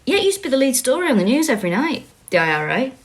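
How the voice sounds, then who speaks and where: A woman's voice: sits high, sing-song, rapid-fire. A woman in her forties with a Manchester accent, co-hosting a podcast in casual chat, blunt and sweary, laughing often. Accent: Mancunian. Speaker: podcast co-host.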